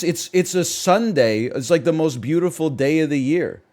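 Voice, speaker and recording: A man's voice: a little high, moderate pace, few pauses, a little mellow. A man in his thirties from Canada, a streamer ranting in casual chat with sarcastic, mock-outraged asides.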